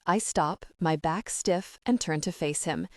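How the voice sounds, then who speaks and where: A woman narrating a first-person romance audiobook in a steady, even reading voice. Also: on the low side, measured pace, dry recording, clean studio sound.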